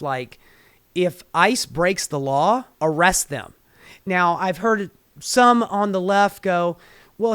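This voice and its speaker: A man hosting a solo political commentary rant, cursing freely and dripping with sarcasm. His voice sits high for a man and sounds dry and close, with no room around it. He talks heated and blunt, straight at the listener. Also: a bit bright, dry recording.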